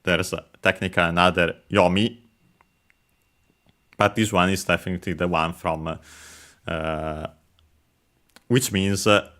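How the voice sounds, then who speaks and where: A low-pitched man talks slowly, teaching language points step by step. He hesitates often and fills his pauses with drawn-out filler sounds. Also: steady tone, a bit bright. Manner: hesitant, many filler sounds, careful and methodical. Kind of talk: explaining Japanese words while playing a game.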